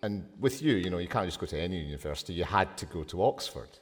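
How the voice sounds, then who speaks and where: A man hosting an interview, asking probing questions in a playful, lively way. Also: deep voice, fast. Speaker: podcast host, writer. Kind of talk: conversational interview. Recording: long reverberant hall sound.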